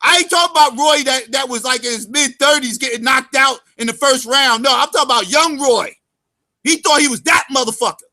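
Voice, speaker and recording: High, sharp-voiced profane male commentator. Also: brisk. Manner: heavy cursing, addresses viewers as family; swings between loud outbursts and low mutters. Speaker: YouTube commentator.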